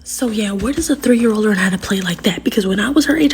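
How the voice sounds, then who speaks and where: A young adult woman telling a funny family story in a casual storytime vlog, animated and dramatic, talking straight to her viewers. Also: a little high, a little fast, background noise. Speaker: storyteller vlogger.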